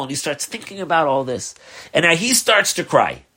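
A man's voice: high voice, fairly quick, slightly rough. A man, a rabbi, telling a story in a loose lecture style and acting out the dialogue. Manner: animated, acts out the dialogue; loose, with fillers.

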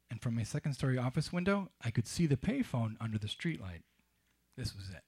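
A man's voice: mid-range voice, animated, brisk, darkish tone, breathy edge. Wry confessional male storyteller. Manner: wry, confessional, with dry humor. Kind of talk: live personal storytelling.

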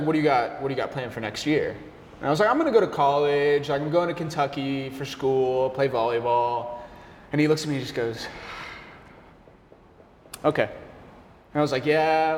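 A young man telling an animated story in a casual interview, laughing often and saying "like" and "bro" a lot. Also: medium pitch, fairly quick, slight background noise. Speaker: guest, café owner and barista. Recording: echoey room with long reverb.

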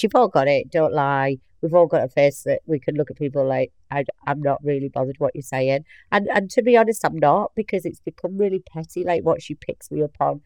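A woman's voice: sits low, a little mellow, dry recording, rough recording. A woman hosting a podcast, telling workplace stories in a chatty way and laughing as she goes. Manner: chatty, laughs through her own stories, quotes coworkers. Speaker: podcast host. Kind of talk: casual storytelling monologue.

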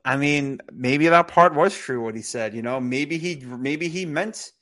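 A podcast co-host with a slightly high, fairly bright voice talks a little slowly in casual wrestling podcast chat, loose and rambling, full of "you know" and restarts.

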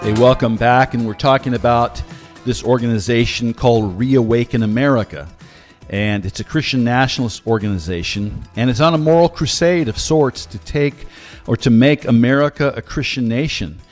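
A man hosts a commentary podcast, speaking at a mid-range pitch. His delivery is earnest and measured, with a steady, scripted flow. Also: faint music behind. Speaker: podcast host.

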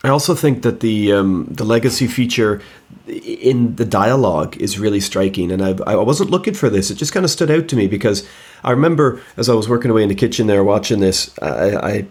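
A man's voice: lowish voice, animated, brisk, darkish tone, breathy edge. A man hosting a casual film discussion, asking long, rambling questions and steering the talk. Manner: leads the chat, asks long rambling questions. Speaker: podcast host.

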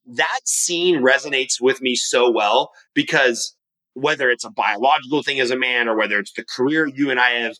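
A man guesting on a podcast, chatting casually and telling animated, rambling stories with frequent restarts. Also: mid-range voice, normal speed, rough recording. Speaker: podcast guest, mortgage professional and coach. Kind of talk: casual conversational podcast talk. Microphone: remote studio microphone.

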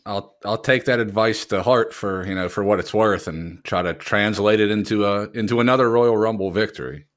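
A man who is a wrestler giving hesitant, halting replies in casual chat. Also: lowish voice. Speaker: wrestler, conversation partner.

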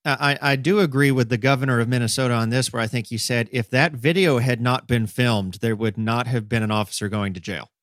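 A man co-hosting a casual podcast discussion, animated, acting out quotes in voices and building long metaphors. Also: medium pitch, brisk, hardly any pauses, no room sound, studio quality. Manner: talks in extended metaphors. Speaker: podcast co-host.

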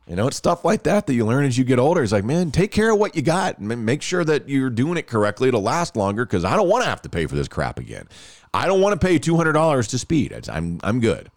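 A man, hosting a podcast and telling a story in a casual, animated way, laughing often and restarting phrases. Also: mid-range voice, fast, no echo, clean studio sound. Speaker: podcast host.

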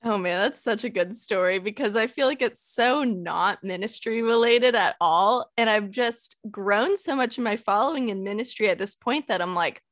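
As a podcast guest, a young woman chats casually, upbeat and quick to laugh. Her ordinary middle-pitched voice sounds dry and close, with no room around it and no echo.

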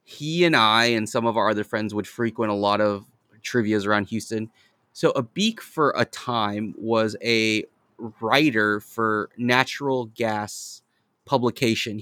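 A man co-hosting a podcast, telling animated, profane stories with frequent laughter. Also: lowish voice, no room sound. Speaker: podcast co-host. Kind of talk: casual chat.

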